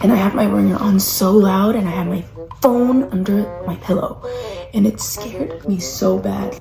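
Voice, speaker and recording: A woman's voice: medium pitch, fairly even intonation, moderate pace, creaky, music in the background. A young woman telling a story dramatically in a casual vlog, acting out her reactions. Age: young adult.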